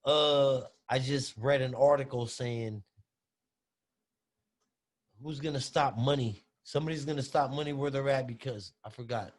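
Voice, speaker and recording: A man's voice: mid-range voice, steady tone, measured pace. A man hosting a casual podcast chat, slangy and swearing, calling his guest "bro". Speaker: podcast host.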